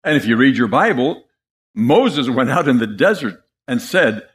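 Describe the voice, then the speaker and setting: A man preaching a sermon, moving between loud emphasis and hushed asides. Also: mid-range voice, big pitch swings, a little slow.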